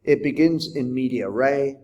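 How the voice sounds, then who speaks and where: A man's voice: mid-range voice, a little slow, warm tone. A man teaching a poetry lesson in a reflective manner, often putting rhetorical questions to his listeners. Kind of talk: poetry lecture.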